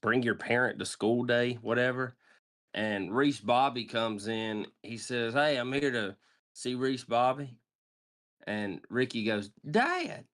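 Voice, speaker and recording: A man's voice: mid-range voice, steady tone, unhurried, a bit bright. A man in casual chat, joking in a folksy manner and retelling scenes.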